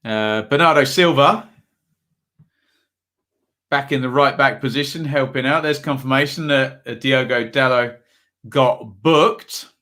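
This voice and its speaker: A young man hosts a live football watch-along, his medium-pitched voice bright and pushed as he moves at a measured pace with frequent pauses. Between bits of match commentary he chats casually and rambles, often poking fun at himself.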